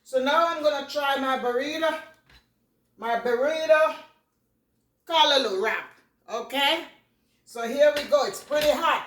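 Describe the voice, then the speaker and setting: A woman's voice: high-pitched, unhurried, fairly bright tone, recorded from a distance. A woman chatting through a home cooking vlog, repeating herself and thanking her viewers. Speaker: cooking vlogger. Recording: echoey room, voice off-mic.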